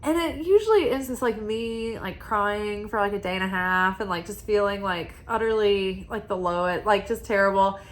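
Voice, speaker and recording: A woman's voice: medium pitch, normal speed, hardly any pauses. A woman reading oracle cards in a casual vlog, talking in a rambling, confiding way with lots of "like" fillers. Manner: soft and quiet at times, with sighs and laughs. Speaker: oracle card reader.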